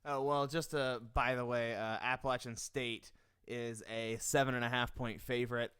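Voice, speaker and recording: A man's voice: mid-range voice, level tone, normal speed, fairly bright tone, clean tone, no echo, clean studio sound. A man co-hosting a casual sports podcast, joking and often hesitant. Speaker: podcast co-host.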